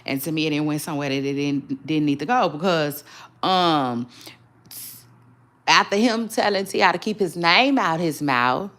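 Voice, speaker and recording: Chatty gossip host, animated and laughing. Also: female voice, deep voice, normal speed. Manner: chatty and animated, laughing, with many fillers and restarts. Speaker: gossip vlogger. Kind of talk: casual celebrity gossip commentary.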